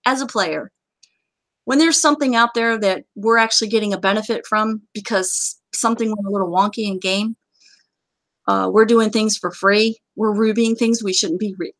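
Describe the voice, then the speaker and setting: A woman's voice: fairly high pitch, a bit bright, dry recording. A woman hosting a casual gaming chat, talking in a chatty, joking way with sudden exclamations. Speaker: game community host.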